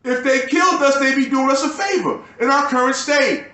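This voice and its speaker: A man's voice: extremely high pitch, moderate pace, sharp tone, reverberant. A man delivering a profane, agitated and bitter ranting monologue to his video channel. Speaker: YouTuber.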